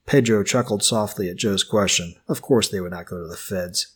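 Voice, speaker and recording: Husky male audiobook narrator. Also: lowish voice, moderate pace.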